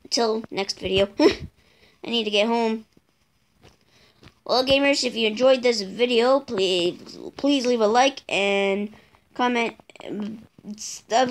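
A woman host giving let's play commentary, excitable, shrieking and yelling at the monsters in her game. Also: on the high side, slow pace, long pauses, slight background noise. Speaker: gaming channel host.

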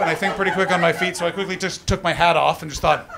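A man performing a stand-up comedy set, telling a story in an animated way, full of swearing and asides to the crowd. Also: fairly high pitch, racing, creaky. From Canada. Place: comedy venue stage with live audience. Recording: noisy live room with audience laughter.

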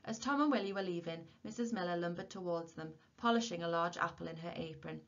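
A woman teacher reading a novel aloud to her class in a steady, expressive way. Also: lowish voice, fast. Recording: dull lo-fi recording.

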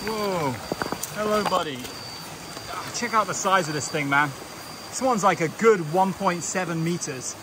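A man with a slightly high voice narrates a night-time herping vlog outdoors, chatty and enthusiastic. Crickets and insects buzz loudly behind him. The sound comes from a handheld camera mic. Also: moderate pace, background noise. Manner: enthusiastic, chatty, breaks into quiet asides. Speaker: reptile field herper. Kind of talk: casual nature vlog narration. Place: outdoors at night in jungle by streams and a road.

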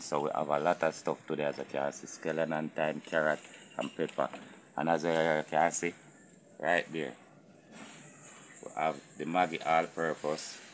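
A man with a Jamaican accent hosting a casual outdoor cooking vlog, talking to viewers in a relaxed, patois-flavoured way. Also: extremely low pitch, a little hiss or hum. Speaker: cooking channel host. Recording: sizzling pots and clatter behind. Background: frying sizzle and pot clatter.

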